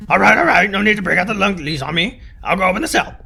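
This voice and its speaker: A man's voice: high-pitched, animated, fast, sharp tone, soft background music, full character voice. A man voicing a curt, surly male prison guard animal. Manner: curt and gruff.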